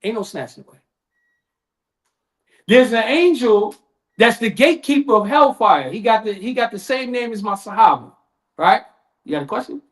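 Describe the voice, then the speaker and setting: Man, sermon, high voice, slangy, dramatic. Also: expressive, moderate pace, pauses often, a bit bright. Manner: casual street talk, dramatic, acts out voices. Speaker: lecturer.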